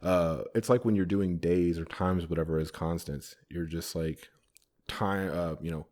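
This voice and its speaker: A man's voice: low-pitched, steady tone, measured pace, a little mellow. A man co-hosting a podcast, talking casually and rambling about code, with some swearing. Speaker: podcast co-host, developer. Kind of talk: casual technical chat.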